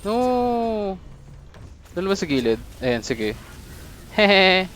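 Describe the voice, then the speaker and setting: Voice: mid-range voice, animated. A young adult gamer with a Filipino accent, reacting playfully over gameplay. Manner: playful, exclaiming, slow and drawn out. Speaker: gamer streamer. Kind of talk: casual gameplay commentary.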